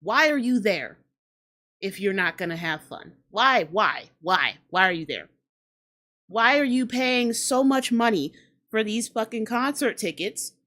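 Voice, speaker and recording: A woman's voice: a little high, a bit bright. A woman hosting a hip-hop commentary show, talking in a blunt, profane, ranting way and repeating lines for emphasis. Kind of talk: casual commentary rant.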